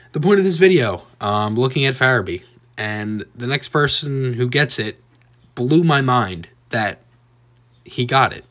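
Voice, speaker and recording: A young man casually narrating a voiceover over his own video game clips, rambling and excitable with lots of fillers and restarts. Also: on the low side. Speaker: gaming video creator.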